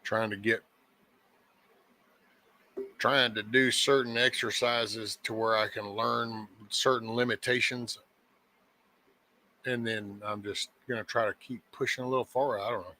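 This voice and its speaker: Folksy guy rambling on his morning show, lowish voice, kinda punchy and forceful. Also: steady tone, unhurried, long pauses, a little hiss or hum. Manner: folksy, meandering, joking. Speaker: host of a daily live show. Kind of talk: casual rambling morning chat.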